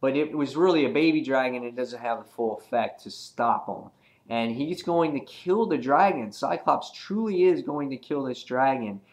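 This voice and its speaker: A man's voice: medium pitch, lively intonation, normal speed. Rambling casual male comic reviewer. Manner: rambling, lots of ums and uhs, chatty.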